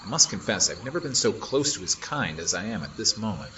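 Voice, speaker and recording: A man's voice: on the low side, sing-song, brisk, bright, forceful tone, slight background noise, poor audio. A man voicing a polite young chronicler who narrates in an audio drama, wry and formal.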